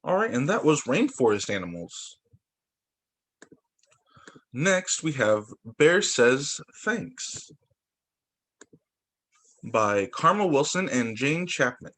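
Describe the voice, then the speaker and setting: A male teacher reading picture books aloud to children over a video call, animated and expressive. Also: medium pitch, slow pace, pauses often.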